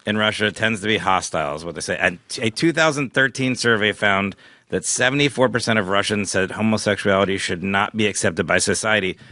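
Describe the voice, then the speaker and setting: A man's voice: fairly low pitch, a little fast, sharp tone, dry recording, clean studio sound. A man co-hosting a podcast, teasing and laughing often in casual banter. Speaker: podcast co-host.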